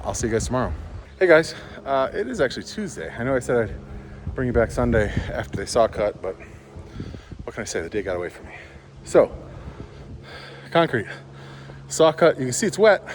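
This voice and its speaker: A man's voice: medium pitch, sing-song, brisk, long pauses, slight background noise. A man vlogging outdoors by his barn and driveway, rambling and easygoing as he explains his project into an action camera. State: out of breath. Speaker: homesteading vlogger. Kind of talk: casual vlog walkthrough.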